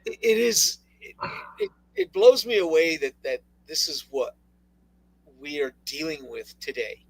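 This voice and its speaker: A man co-hosting a political talk radio show, talking casually with sarcastic, animated asides and laughs. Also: on the high side, a little slow, husky, rough recording. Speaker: co-host.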